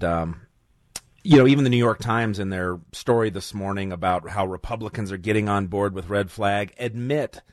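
Low-voiced male talk radio host. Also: no echo, studio quality. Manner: conversational, steers to breaks.

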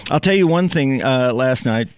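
A man's voice: mid-range voice, expressive, normal speed, clear, resonant tone, no room sound. A man hosting a political talk radio show, talking emphatically and with enthusiasm, often repeating words as he pushes ahead.

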